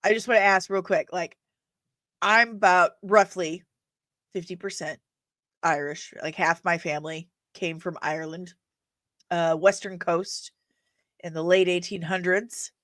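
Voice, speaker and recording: A woman hosting a casual live stream of nerd news, chatting with the audience in an animated way and laughing often. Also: fairly low pitch, unhurried, long pauses, no echo.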